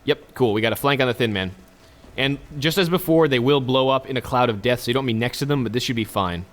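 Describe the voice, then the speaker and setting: Male let's-play host, mid-pitched, casual and chatty, cracks jokes to viewers while he plays. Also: quick pace, fairly bright tone. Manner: chatty, joking asides to viewers. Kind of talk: casual gameplay commentary.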